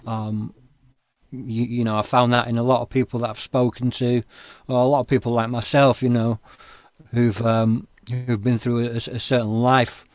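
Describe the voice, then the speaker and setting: A man hosts an interview, talking in a halting, stop-start way. His voice is recorded dry and close, and his pitch is ordinary for a man. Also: level tone, dry recording. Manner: halting, many restarts and fillers. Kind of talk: conversational interview.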